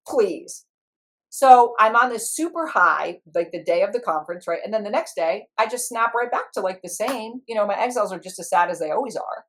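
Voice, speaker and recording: Middle-aged woman, IFS practitioner, talks animated and expressive, does little voices for her parts. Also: mid-range voice. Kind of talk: animated storytelling in conversation.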